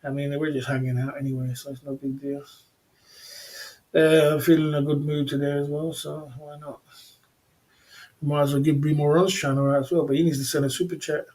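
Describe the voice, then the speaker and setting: A man hosting a casual livestream chat, relaxed and slangy, who chuckles often and repeats himself. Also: on the high side, brisk. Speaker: livestream host.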